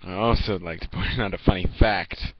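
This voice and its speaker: A teenage boy talking casually to the camera as a video reviewer, rambling and halting, with lots of fillers and restarts. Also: low-pitched, fairly even intonation, very noisy. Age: teens. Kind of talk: casual vlog talk to camera. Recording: dull lo-fi home recording.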